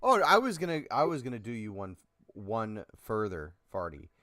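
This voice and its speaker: A man's voice: lowish voice, huge pitch swings, moderate pace, a crowd in the background. A man co-hosting a podcast in casual chat, speaking emphatically and provocatively as he rants. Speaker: podcast co-host.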